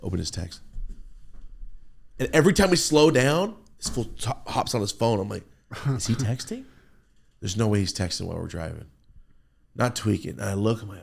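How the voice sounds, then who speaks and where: A man on a podcast telling a profane, excitable story and acting out his own reactions. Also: on the low side, normal speed, creaky, long pauses, breathy edge. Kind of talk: animated storytelling.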